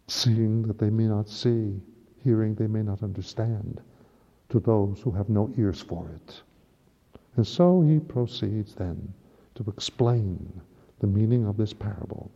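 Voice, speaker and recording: A priest preaches a sermon at Mass, impassioned and building to emphatic peaks. His voice is lowish and mellow. The recording is dull and lo-fi, with long reverb from the hall.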